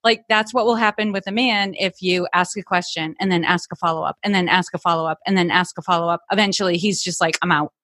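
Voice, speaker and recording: Woman talking it through calmly, dry close mic. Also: lowish voice, quick pace, hardly any pauses, no echo. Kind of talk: casual podcast chat.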